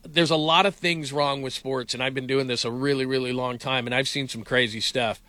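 Animated man, bright dry sports talk. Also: mid-range voice, brisk, dry recording. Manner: animated, incredulous, rambling with restarts.

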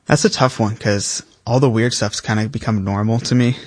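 A teenage male percussionist answering interview questions in a relaxed, thoughtful way, with frequent fillers. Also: lowish voice, normal speed, no room sound. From South Carolina, US. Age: teens. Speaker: young percussionist guest.

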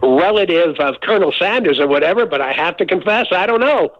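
An older man with a General American accent, a guest on a radio call-in show, talking in a wry, measured way with many pauses. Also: high-pitched, expressive, dry recording, highs cut off. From United States. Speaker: guest commentator.

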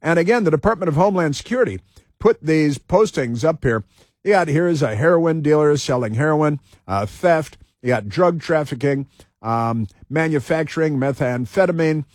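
Male radio host, combative and repetitive, slightly high voice, dry sound. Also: lively intonation, normal speed, a little mellow, no room sound. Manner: combative, repeats phrases for emphasis. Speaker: radio talk show host. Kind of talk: talk radio commentary.

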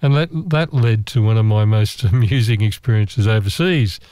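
Mellow Australian man telling a travel tale. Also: fairly low pitch, moderate pace, smooth, dry recording. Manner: meandering, chatty, with frequent restarts and asides. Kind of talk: relaxed travel anecdote monologue.

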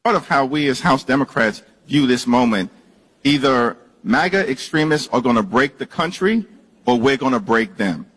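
A man's voice: medium pitch, animated, normal speed, a bit bright, breathy edge. A male politician speaking firmly and declaratively in a played-back speech clip. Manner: firm, declarative. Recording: reverberant hall audio clip.

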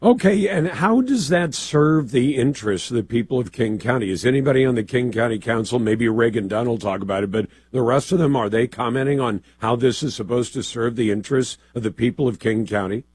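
A man hosting a talk radio show, with a gravelly, hoarse voice and a pointed, conversational way of questioning. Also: mid-range voice, fairly quick, hardly any pauses, a little mellow, no room sound.

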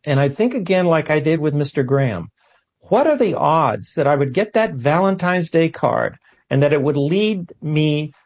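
Man, husky, slightly high voice, animated storyteller, interview guest. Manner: animated storytelling, repeats words. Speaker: guest scientist. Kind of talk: talk show interview.

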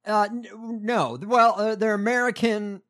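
A man's voice: sits high, steady tone, unhurried, fairly bright tone. A man co-hosting a casual news podcast, bringing up stories with many ums and uhs and dry asides. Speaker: podcast co-host presenting stories.

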